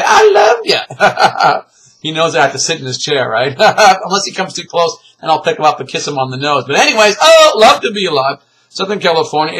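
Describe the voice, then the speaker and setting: Man, home program host, casual rambling monologue, exuberant, laughs and exclaims a lot, slightly high voice. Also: sharp tone. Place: at home near open windows.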